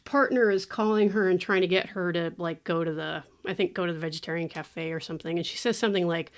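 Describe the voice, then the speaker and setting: A woman hosting a podcast, chatting casually about a movie, animated and laughing often. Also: mid-range voice, fairly quick, few pauses. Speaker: podcast host. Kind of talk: casual movie-review chat.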